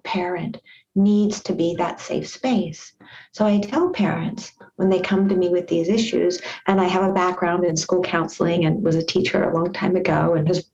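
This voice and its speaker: A woman's voice: fairly low pitch, darkish tone. Earnest woman guest, lo-fi audio. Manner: earnest, repeats key points for emphasis. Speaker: guest expert on parenting. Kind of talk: podcast interview.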